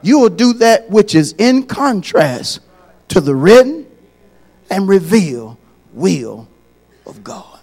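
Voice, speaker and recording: Black church preacher vibe no wait, just a man preaching slow and steady, bit higher voice, climbs into shouting bursts. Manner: repetitive, builds to loud shouted peaks. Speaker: pastor. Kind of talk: sermon.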